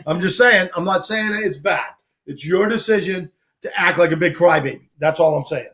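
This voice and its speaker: Lively man from Boston telling stories. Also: high-pitched, normal speed. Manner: animated, acts out quoted dialogue, salty slang. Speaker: show host. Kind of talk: casual storytelling chat.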